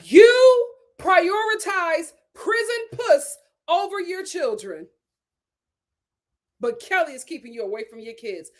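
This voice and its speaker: Sassy, animated woman recapping reality TV. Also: extremely high pitch, slow pace. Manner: sassy, animated, laughing, acts out quotes. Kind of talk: casual commentary recap.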